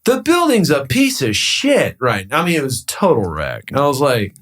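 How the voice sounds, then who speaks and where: A man's voice: medium pitch, wildly swooping pitch, normal speed, a bit bright. A man, a real estate broker, telling stories casually as a podcast guest, laughing often and swearing freely. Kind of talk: casual storytelling in a podcast interview.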